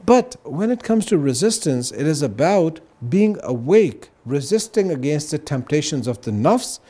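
A man with a fairly high, mellow voice talks in an earnest, explanatory way. He keeps checking in with his listener through "right?" and "you know" as he works through his points. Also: sing-song, normal speed. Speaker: guest on a religious talk show. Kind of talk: casual explanatory talk.

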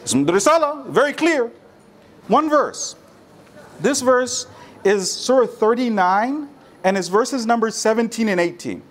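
A man's voice: very high-pitched, sing-song, unhurried. A man preaching a sermon to a congregation, using rhetorical questions and repetition. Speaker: religious speaker.

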